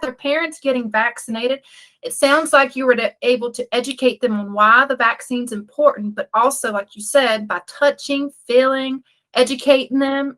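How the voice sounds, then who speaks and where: A woman interviewer with a high, bright voice. She is encouraging and sums up her guest's story in a reflective way. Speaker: interview host. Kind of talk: conversational interview.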